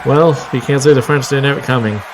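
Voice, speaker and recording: A man doing live play-by-play commentary on a wrestling show, excitable, with frequent exclamations and wry asides. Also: medium pitch, fast talker. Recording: clear crowd noise and background noise.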